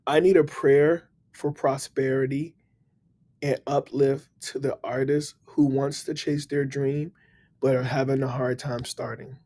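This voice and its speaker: A man hosting a casual motivational live stream, upbeat and slangy, giving shout-outs to his viewers. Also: medium pitch, flat delivery, a little slow, a little hiss or hum. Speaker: livestream host. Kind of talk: casual motivational livestream talk.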